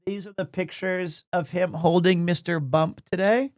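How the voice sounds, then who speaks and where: A male livestream gamer host chats casually with his stream in a high-pitched, fairly even, unhurried voice. He gushes and rambles, often repeating his words, and the audio is clean studio sound with no echo.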